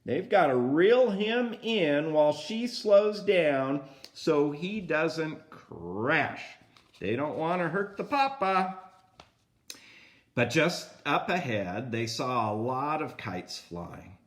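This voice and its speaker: An older man reads a picture book aloud to his grandchild, stopping to point at the pictures and comment on them. His voice is fairly high and swings widely in pitch.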